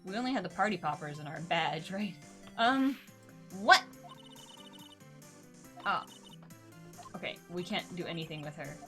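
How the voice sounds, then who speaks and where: A woman's voice: fairly low pitch, fairly quick, a bit bright, soft background music. A young woman streamer chatting playfully and thinking aloud as she plays a story game. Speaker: gaming streamer. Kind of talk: casual let's play commentary.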